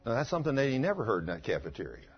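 A man's voice: medium pitch, sing-song, racing, breathy edge. A man preaching in a folksy sermon, telling a testimony and rising to fervent outbursts. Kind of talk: sermon storytelling. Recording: dull lo-fi recording.

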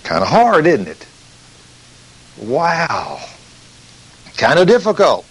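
A man preaching a sermon, reading scripture slowly and telling stories with emphasis. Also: a little high, wildly swooping pitch, a bit bright, slightly rough, rough recording.

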